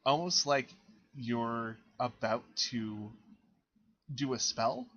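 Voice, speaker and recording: A man narrating a tabletop game as game master, relaxed and halting, often pausing on fillers. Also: mid-range voice, muffled recording.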